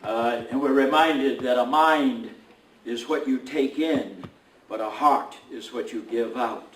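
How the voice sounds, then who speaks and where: Reverend leading a formal dedication prayer, slow and solemn; roomy, distant recording. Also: male voice, medium pitch. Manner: measured, solemn, with slow emphatic phrases. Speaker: clergyman giving a dedication prayer. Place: indoor building dedication event.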